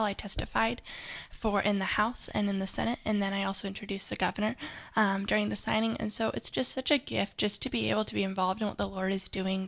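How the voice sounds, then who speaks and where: A woman's voice: medium pitch, gravelly. A woman guest in an interview, telling her own story earnestly with frequent fillers and restarts. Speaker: interview guest, pro-life advocate.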